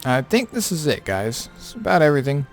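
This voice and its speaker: A man's voice: fairly high pitch, sing-song, brisk, soft background music. A tired man who has been up all night, casually going over game patch notes with lots of fillers and offhand remarks. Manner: rambling, filler-heavy, offhand. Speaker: gaming content creator.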